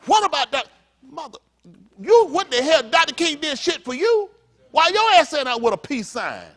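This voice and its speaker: A male pastor delivers a blunt, profane sermon, constantly asking the congregation questions. His voice sits high and leaps up and down. He breaks the preaching with crude joking asides. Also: fairly bright tone. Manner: rhetorical, repeated questions to the congregation. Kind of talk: fiery street-talk sermon.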